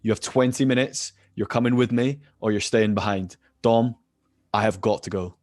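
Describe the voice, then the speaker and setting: A man voicing a grandiose, stubborn male kobold adventurer, speaking insistently with dramatic pauses, close and dry. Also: on the low side, darkish tone, no room sound, lightly acted.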